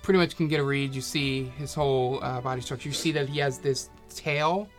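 A man narrating as game master in a tabletop game, talking haltingly with many fillers. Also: medium pitch, fairly even intonation, soft background music.

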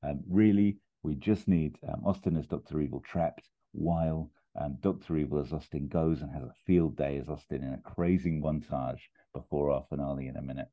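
A man casually pitching a comedy plot, rambling and chuckling with quick put-on voices. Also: fairly even intonation. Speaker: podcast host pitching a film plot. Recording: tinny phone-like line.

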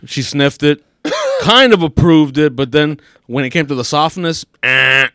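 A man's voice: fairly high pitch, wildly swooping pitch, unhurried, fairly bright tone, no echo, studio quality. A young man hosting a podcast, chatting casually and joking with friends, laughing often. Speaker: podcast host. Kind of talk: casual chat.

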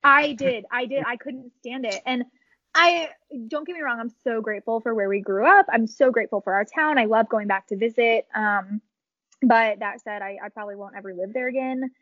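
A young woman from Michigan chats as a guest, rambling and giggling between her thoughts. Her voice sits a little high. The sound is dry and slightly muffled, like a lo-fi remote recording. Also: normal speed, a bit bright, no echo. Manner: chatty, giggly, rambling with many fillers. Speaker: guest musician. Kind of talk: casual podcast chat.

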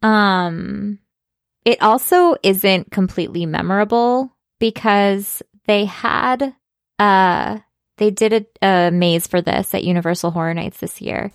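A woman co-hosting a podcast in relaxed casual chat, full of fillers and laughing at her own stories. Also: medium pitch, slow, dry recording, studio quality. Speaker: podcast co-host.

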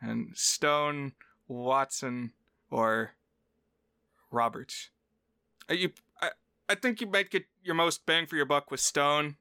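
A man co-hosting a podcast, chatting casually about films, playful and quick to mimic accents in short bits. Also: on the high side, pushed and bright, clear, resonant tone, no room sound, clean studio sound. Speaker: podcast co-host. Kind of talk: casual chat.

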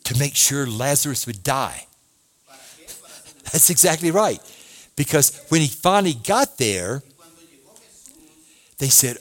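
A man's voice: mid-range voice, a little slow, long pauses. A man preaching a sermon as a pastor, reading scripture aloud and asking his listeners questions. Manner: animated preaching, reads scripture aloud, asks the congregation questions.

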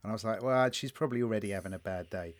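A man's voice: on the low side, rapid-fire. A man co-hosting a podcast, chatting casually and telling stories with lots of swearing. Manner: swearing, storytelling, animated quoting. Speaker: podcast co-host. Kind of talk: casual chat.

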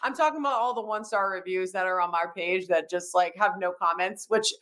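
A woman co-hosting a casual sports podcast, animated and quick with asides, swearing freely as she tells stories. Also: fairly low pitch. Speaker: podcast co-host.

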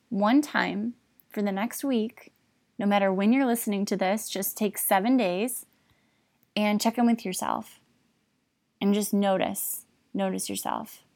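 A woman's voice: mid-range voice, vocal fry, a little mellow, no echo. A young woman hosting a podcast, speaking in a candid, confessional way with casual fillers. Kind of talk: personal reflective talk.

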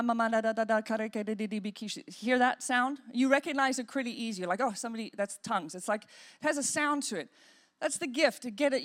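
Woman pastor with a high voice, animated preacher who acts out inner dialogue. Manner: demonstrates praying in tongues. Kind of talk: sermon.

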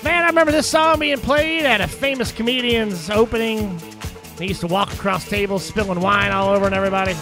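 A man's voice: high voice, brisk, over music. A man co-hosting a casual podcast, teasing his friends, laughing easily and stumbling as he starts sentences. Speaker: podcast co-host. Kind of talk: casual chat.

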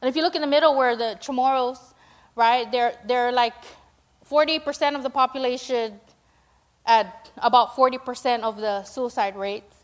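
Speaking at normal speed with a fairly high pitch, a middle-aged school principal presents slides during a church talk. Her delivery is loose and chatty, with lots of filler words and tag questions.

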